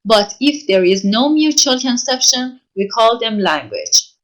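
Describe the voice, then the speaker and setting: A woman lecturer giving an online class, answering written questions from students and speaking haltingly with frequent pauses and self-corrections. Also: a little high, big pitch swings. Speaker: university lecturer.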